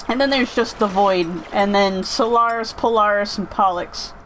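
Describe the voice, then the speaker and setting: A woman chatting casually while playing a game, rambling and thinking out loud with many restarts. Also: medium pitch, normal speed, soft background music, rough recording. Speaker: gaming streamer chatting with viewers. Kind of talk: casual chat over gameplay.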